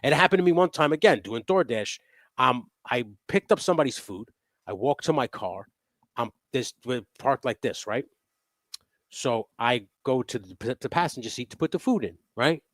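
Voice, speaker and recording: A man hosting a casual live chat from his workshop, telling profane, animated stories. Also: medium pitch, moderate pace, no echo. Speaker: host. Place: home workshop.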